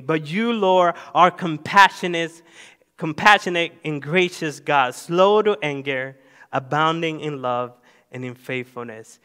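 Slow bright-voiced man preaching in a hall. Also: on the high side, clean tone. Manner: slow, building to loud emphatic peaks. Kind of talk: sermon. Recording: long hall reverb.

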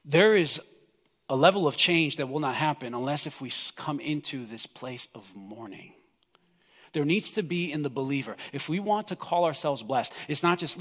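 In a fairly high, animated voice at normal speed, a pastor preaches an impassioned sermon, climbing to pleading cries and sinking into near-hushed passages. A long reverb from the church hall carries his words.

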